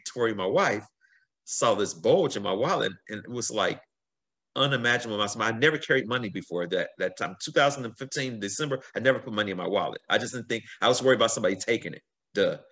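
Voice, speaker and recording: Man, middle-aged, slightly low voice, animated storyteller, swears a lot, acts out quotes. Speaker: podcast guest, facilitator. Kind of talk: casual storytelling.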